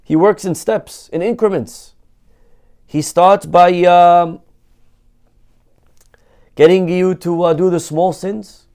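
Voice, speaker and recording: A man's voice: high-pitched, steady tone, slow, long pauses, a little mellow. A male rabbi teaching a Torah lesson, telling stories animatedly and dropping in Hebrew terms.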